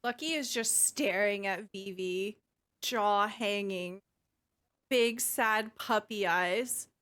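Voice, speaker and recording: A woman player slowly describing what her character does. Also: mid-range voice, a bit bright. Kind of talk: in-character tabletop play.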